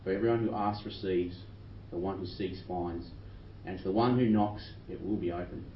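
A man's voice: deep voice, fairly even intonation. Male pastor, earnest sermon delivery, miked from afar in a roomy church. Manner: earnest, reads scripture slowly with rising emphasis. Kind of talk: sermon with scripture reading. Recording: roomy distant dull recording with faint noise.

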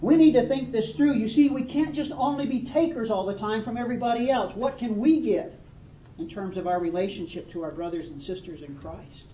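A woman's voice: on the high side, fairly quick, reverberant, lo-fi sound, slight background noise. A woman preaching a sermon, earnest and emphatic, reading scripture aloud. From Australia. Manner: earnest, emphatic preaching with dramatic read quotes.

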